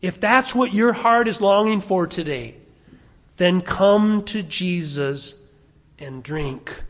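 A man's voice: high-pitched, expressive, slow. A middle-aged man preaching a sermon to a congregation, asking them questions and having them turn to verses. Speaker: pastor. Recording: long hall reverb.

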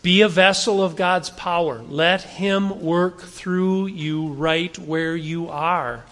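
A male pastor preaches with earnest exhortation, his voice sitting a little higher than most men's. He leans on rhetorical questions and pushes his listeners to action. A long reverb trails behind him in the church. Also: fairly even intonation, takes it slowly, fairly bright tone. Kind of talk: sermon.

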